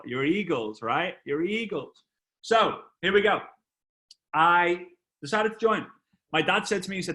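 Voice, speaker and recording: Brief: energetic male speaker, 30s, motivational storytelling, bright and forceful, repeats lines for effect. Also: fairly high pitch, normal speed. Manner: animated, exclamatory, repeats phrases for effect. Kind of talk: motivational storytelling talk to a live online audience.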